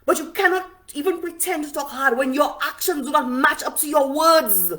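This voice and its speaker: A woman giving forceful, scolding political commentary on a livestream, repeating herself as she builds her point. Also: high-pitched, moderate pace, hardly any pauses. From Saint Lucia.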